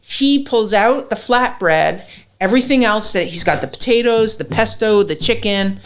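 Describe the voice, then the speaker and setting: A woman's voice: mid-range voice, animated, normal speed. A woman chef telling a story as a podcast guest, swearing freely and acting out what people said. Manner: swears freely, acts out quoted dialogue. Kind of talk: animated storytelling in casual chat.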